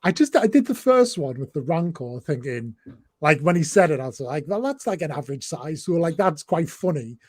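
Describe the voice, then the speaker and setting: Mellow-voiced man chatting casually. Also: a little high, normal speed, no room sound. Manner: relaxed, rambling, with fillers and laughs. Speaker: livestream host. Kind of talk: casual chat.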